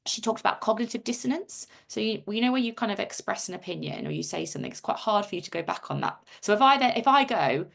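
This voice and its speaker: A woman's voice: medium pitch, creaky, a bit bright. A middle-aged woman hosting a live video-call workshop, chatty and self-interrupting, often reading out comments from the chat. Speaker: workshop host.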